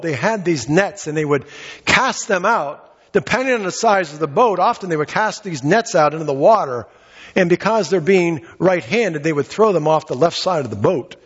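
This pastor's voice is husky and fairly high as he delivers a sermon, retelling scripture and asking rhetorical questions of his listeners. The hall is reverberant, leaving the recording dull and muffled.

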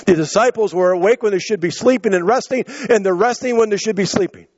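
High-voiced preacher man, out of breath. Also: quick pace, a little mellow, no echo, lo-fi sound. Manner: impassioned preaching, acting out quotes with rising pitch, stammering restarts. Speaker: pastor. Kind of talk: sermon.

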